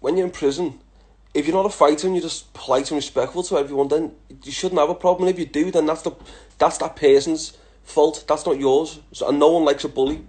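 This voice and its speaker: A man in his thirties from England chats casually through a follower Q&A. He is blunt and swears freely, and his voice sits a little high for a man. He keeps tossing in lad between remarks. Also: fairly even intonation, brisk, darkish tone. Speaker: social media personality answering follower questions. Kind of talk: casual Q&A chat.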